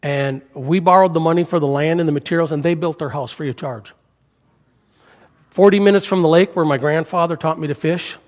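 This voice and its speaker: A man's voice: on the high side, fairly quick. Older man preaching in a reverberant church. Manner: conversational, asks the congregation questions. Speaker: guest preacher. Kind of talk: storytelling sermon. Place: church sanctuary.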